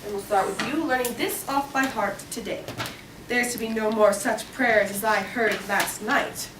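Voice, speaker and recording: An actress as stern, brisk guardian Marilla. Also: female voice, a little high, natural voice. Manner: brisk, curt and no-nonsense. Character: stern, practical older spinster guardian. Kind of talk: stage play performance. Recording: echoey hall, distant mic, background noise.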